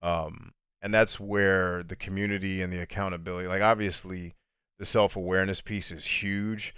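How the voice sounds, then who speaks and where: Give me a man with a very low voice, a life coach answering viewer comments on a stream, casual and animated, recorded dry with no room echo. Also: clean tone. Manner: animated, shifts between fast bursts and slow deliberate cadence; conversational, addresses viewers as friends and dude.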